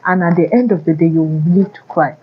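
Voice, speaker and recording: A woman's voice: fairly low pitch, fairly quick, husky, lo-fi sound. A woman vlogger giving blunt, repetitive relationship warnings addressed to men. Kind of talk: casual advice monologue.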